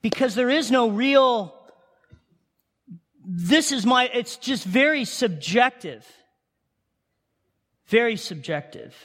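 A man preaching a sermon, animated, with rhetorical questions, sudden shouts and hushed asides. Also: very high voice, takes it slowly, long pauses. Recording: long hall reverb.

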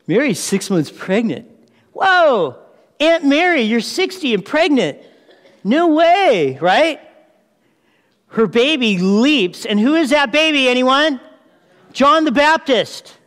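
A man preaching a lively sermon, asking his listeners questions and acting out the story as he goes. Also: extremely high pitch. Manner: lively, asks the audience questions, acts out scenes. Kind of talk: animated sermon. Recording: long reverb of a large hall.

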